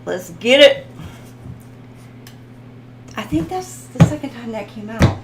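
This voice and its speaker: Slow, chatty woman tarot reader. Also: a little high, expressive, music in the background, rough recording. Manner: chatty, laughs often, stumbles over foreign words; talks to viewers in the chat. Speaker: tarot reader hosting a live reading. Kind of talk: casual live-stream tarot reading.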